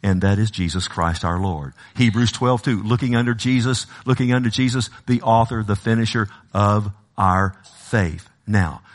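A man preaching a sermon, repeating his words and calling out to the congregation, at times rising to a pleading cry. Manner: preaching, rising to impassioned high-pitched pleading. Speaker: pastor.

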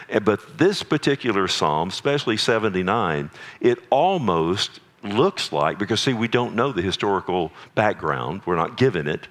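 A man's voice: fairly low pitch, fairly bright tone. A man preaching a sermon as pastor, earnest and emphatic, with frequent restarts and light asides to the congregation. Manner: jokes with the congregation. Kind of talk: sermon teaching.

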